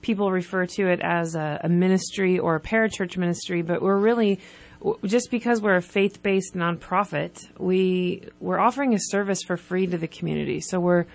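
A woman's voice: fairly low pitch, normal speed, creaky. A woman from California, a nonprofit guest on a talk show, speaking earnestly and stacking up points for emphasis. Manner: earnest, builds emphasis when listing points. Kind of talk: radio talk interview.

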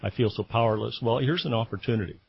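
A man's voice: medium pitch, vocal fry, slight background noise. A man appearing as a guest on a radio show, speaking earnestly about civic volunteering and often stumbling and restarting. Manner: earnest, halting, with repeated restarts. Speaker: former grand jury member, studio guest. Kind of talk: radio interview. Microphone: studio microphone. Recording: slightly dull radio broadcast sound.

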